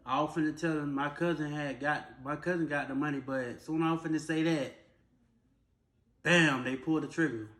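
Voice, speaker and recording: A young man recounts a hard personal story in a plain, casual way. His voice sits a bit high for a man. The room around him is echoey. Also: fairly even intonation, fairly bright tone. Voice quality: casual, plain-spoken, drawn-out retelling. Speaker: vlogger.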